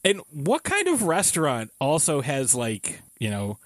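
A man co-hosting a podcast, chatting about movies in a casual, animated way and often laughing as he acts out scenes in silly voices. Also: a little high, unhurried, dry recording. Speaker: podcast co-host. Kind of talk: casual film review chat.

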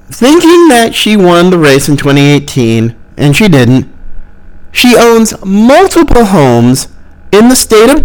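Slow, animated political commentary host. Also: mid-range voice. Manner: emphatic, repeats words for stress, exasperated asides.

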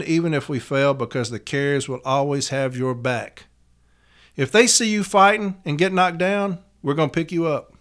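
Fiery man, rather high voice. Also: fairly bright tone. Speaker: letter carriers' union activist and podcaster. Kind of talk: fiery profane rant to union members.

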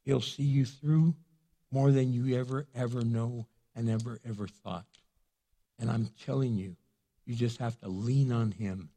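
Husky-voiced man preaching in a hall. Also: medium pitch, steady tone, unhurried, warm tone. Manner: conversational, earnest, acts out prayers. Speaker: pastor. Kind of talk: sermon. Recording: long hall reverb.

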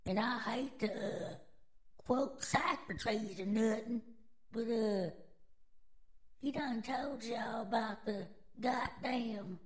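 A woman voicing a gun-loving, conspiracy-ranting redneck man with a drawl, swearing and shouting in bursts. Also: a little high, slow pace. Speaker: comedy character. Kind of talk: comedic character rant.

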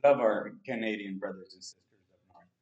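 A man's voice: lowish voice, brisk, darkish tone, muffled recording. A man chatting casually as a podcast co-host, easygoing and trailing off mid-thought. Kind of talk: casual chat. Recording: roomy echo.

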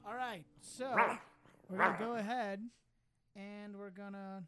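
A man's voice: sits high, a little fast, fairly bright tone. A man with an Ohio accent hosting a comedy podcast, joking and laughing between lines. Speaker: podcast host. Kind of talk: casual comedy chat.

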